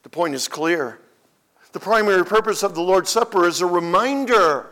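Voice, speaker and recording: Male pastor, higher-pitched voice, emphatic sermon delivery with repetition. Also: animated, normal speed, bright, forceful tone. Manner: emphatic preaching with repeated phrases.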